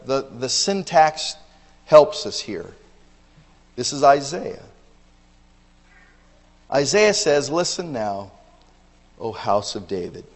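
Slow, emphatic preacher man in a reverberant hall. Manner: emphatic, swings between loud exclamations and low asides; repeats words when restarting. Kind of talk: sermon.

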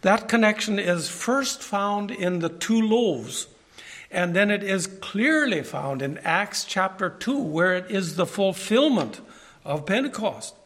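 A man with a high voice preaching a Bible lesson. He reads scripture aloud and stops to explain it to the congregation. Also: animated, slow, a bit bright. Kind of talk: Bible teaching sermon.

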